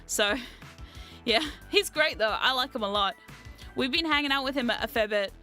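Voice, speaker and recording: A woman vlogger chatting casually, telling animated stories, often laughing and swearing freely. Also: fairly high pitch, normal speed, soft background music. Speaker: VTuber vlogger. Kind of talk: casual storytelling chat.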